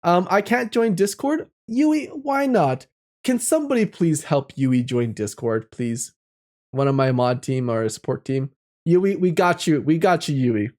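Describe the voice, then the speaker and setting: A man's voice: fairly high pitch, big pitch swings, moderate pace, darkish tone. A man live-streaming casually, reading chat messages aloud and drawing tarot cards, reflective and encouraging, laughing often.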